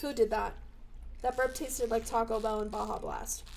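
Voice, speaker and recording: A young woman streaming live, chatting casually, bubbly and excitable with sudden squeals. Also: a little high, moderate pace, gravelly, slight background noise.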